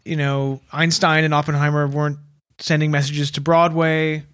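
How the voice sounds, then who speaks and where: A man's voice: fairly high pitch, level tone, moderate pace, fairly bright tone, clean tone, no echo, studio quality. A man co-hosting a casual comedic podcast, joking in loose phrasing with many fillers. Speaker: podcast co-host.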